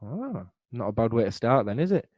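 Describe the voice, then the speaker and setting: A man's voice: medium pitch, sing-song, a little fast, no echo. A man hosting a casual podcast interview, laid-back and teasing. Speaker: podcast host. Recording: dull lo-fi podcast audio.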